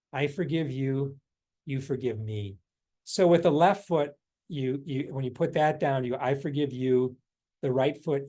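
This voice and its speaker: Guy leading a meditation workshop, kinda high voice, soft and rambly, lots of little laughs. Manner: gentle, rambling, chuckles often, softens into quiet repeated phrases. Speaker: workshop leader. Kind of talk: guided meditation teaching. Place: a room indoors.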